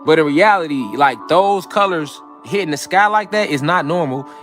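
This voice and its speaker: A man's voice: a little high, moderate pace, a bit bright, soft background music. A man giving a casual, emphatic spiritual lecture, repeating key phrases and checking in with his listeners. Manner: loose, conversational, with frequent swearing. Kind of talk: casual documentary monologue.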